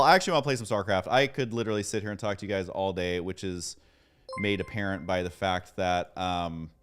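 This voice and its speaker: A man streaming a game and chatting casually with viewers, excitable and self-deprecating as he thanks them by name. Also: fairly low pitch, clear, resonant tone. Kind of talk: casual livestream chat.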